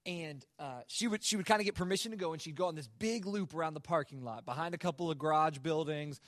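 A young man delivers a sermon at a live student worship service, chatting through a story with easy, self-mocking humor. His voice sits a little high for a man and sounds close and dry, with little room sound. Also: fast talker, fairly bright tone, dry recording. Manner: conversational, self-mocking humor, many fillers.

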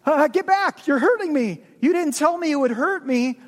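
A man's voice: high-pitched, expressive, moderate pace. A man voicing a timid, fearful male ghost who pleads and whines in a raised voice. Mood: panicked. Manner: whiny, pleading, rising to panicked cries. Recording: long reverb of a large hall.

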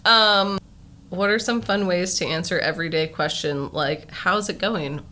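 A woman's voice: lowish voice, measured pace, pushed and bright, a little hiss or hum. A woman podcast host asking playful questions in a casual interview, laughing often.

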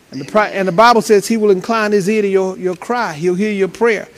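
A man preaching a sermon as pastor, swinging between loud, driving preaching and low, stumbling talk full of repeated words. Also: normal speed.

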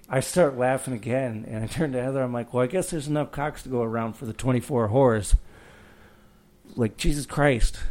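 A man's voice: medium pitch, warm tone. A man in his thirties co-hosting a podcast, telling a rambling story in casual chat and laughing along as he goes. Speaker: podcast co-host.

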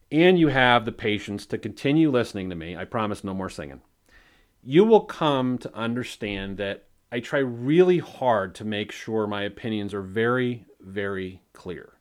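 A man's voice: on the low side, expressive, normal speed. A man hosting a solo podcast, rambling and swearing freely while he mocks himself. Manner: rambling, profane, self-mocking. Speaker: podcast host.

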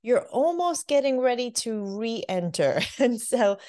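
A woman working as a divorce coach, speaking candidly in an interview and telling her story with lively acted quotes. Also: on the high side, a little slow. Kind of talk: interview conversation.

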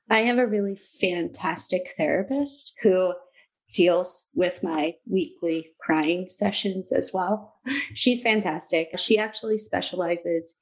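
A woman in her thirties, a guest in an interview, speaking slowly and reflectively about hard personal things. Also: fairly low pitch. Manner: slow, reflective, emotional. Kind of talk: candid interview talk.

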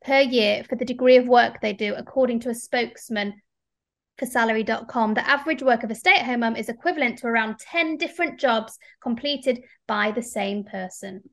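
A woman in her thirties chatting candidly as a podcast co-host, animated when she rants. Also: on the high side, fairly quick. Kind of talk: casual podcast chat.

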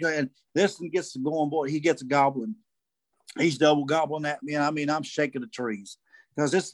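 Animated man telling a hunting story. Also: fairly high pitch, no echo. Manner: animated storyteller, acts out voices and calls. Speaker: guest turkey hunter. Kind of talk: casual storytelling.

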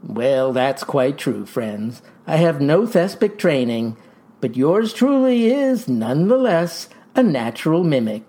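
An actor playing a folksy farmer pitching a tonic in a comic ad, with verbose, showman's patter. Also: big pitch swings, slow pace, dark tone. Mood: boastful pitch. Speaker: pitchman in a mock radio ad. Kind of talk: comic radio ad acting.

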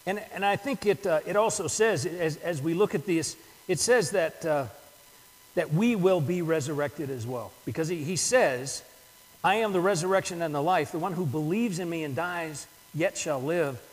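A man's voice: fairly high pitch, normal speed, in a large hall, rough recording. An older man preaching a sermon in an earnest manner, often repeating words as he builds a point. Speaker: pastor.

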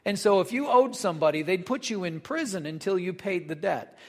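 A man's voice: high-pitched, expressive, a little fast, long reverb tail. A man reading scripture aloud and then explaining it in loose, conversational asides, like a casual Bible study teacher.

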